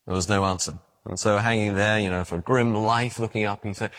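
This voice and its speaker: A man preaching a sermon, telling stories in an animated way, often stumbling and restarting his words. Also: fairly low pitch, normal speed. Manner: animated storytelling with stammered restarts.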